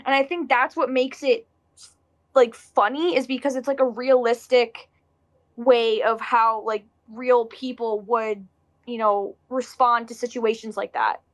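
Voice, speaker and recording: A woman's voice: on the high side, steady tone, measured pace. A woman chatting casually about a film, acting out people's reactions with lots of fillers. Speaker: podcast co-host. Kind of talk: casual movie discussion.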